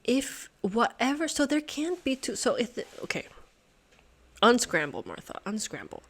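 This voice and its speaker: Excitable woman thinking aloud, lively pitch. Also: normal speed. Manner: excitable, exclaiming and swearing in disbelief; talks to herself and her viewers, often laughing. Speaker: host solving a sudoku puzzle. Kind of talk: thinking aloud while solving a puzzle.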